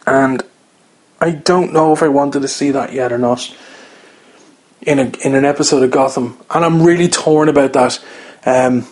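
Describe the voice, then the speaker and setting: A man's voice: medium pitch, fairly even intonation, moderate pace, pauses often, darkish tone. A man casually reviewing a TV episode, rambling with many fillers and restarts as he gives his opinions.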